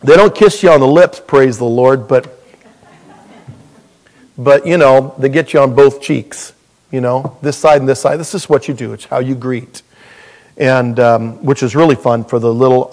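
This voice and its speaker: A man's voice: medium pitch, steady tone, normal speed, a little mellow. A man preaching a sermon as pastor in a church, earnest and folksy with touches of humor.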